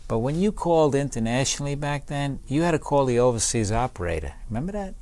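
A man's voice: mid-range voice, very animated, fast talker, darkish tone. A man in his seventies, a Vietnam veteran and public speaker, earnestly telling a personal story in an interview and repeating key phrases for emphasis.

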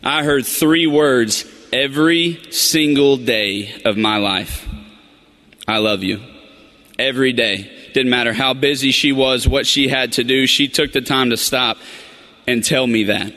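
A man giving a memorial speech, slow and deliberate with pauses. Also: medium pitch, sharp tone. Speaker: eulogy speaker. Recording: reverberant arena, faint music.

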